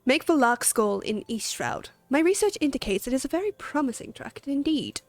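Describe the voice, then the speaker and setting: A girl reading out a snooty game scholar, all lofty and bossy about research, kinda high voice, faint music behind. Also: very animated, moderate pace, dry recording. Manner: reading game quest dialogue aloud, lofty and condescending. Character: haughty scholar obsessed with aether research.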